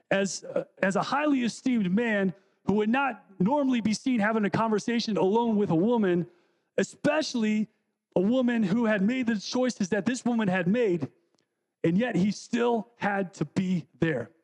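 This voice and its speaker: A guest preacher delivers a sermon in a church sanctuary, talking conversationally and putting questions to the congregation. He has a high voice with a darkish tone.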